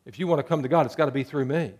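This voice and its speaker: Preacher guy, kinda high voice, swings from serious scripture to goofy sheep jokes. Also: very fast. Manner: preaching, animated with rising jokes and sheep bleats. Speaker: pastor. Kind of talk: sermon.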